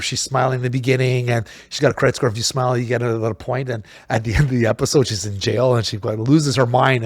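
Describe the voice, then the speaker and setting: A man hosting a casual podcast chat, telling stories in an animated, emphatic way with many restarts. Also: mid-range voice, no echo, clean studio sound. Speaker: podcast host.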